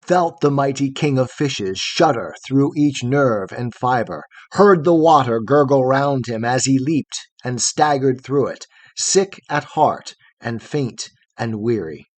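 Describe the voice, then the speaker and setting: A man's voice: medium pitch, slow pace, few pauses, no echo. Man reciting epic verse, dry sound. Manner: steady, rhythmic verse recitation. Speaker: narrator. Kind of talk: poetry reading.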